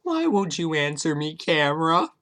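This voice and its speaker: Sarcastic man with a lively voice. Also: normal speed. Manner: sarcastic, mocking, with lively swings in pitch. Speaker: commentary YouTuber. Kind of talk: sarcastic commentary.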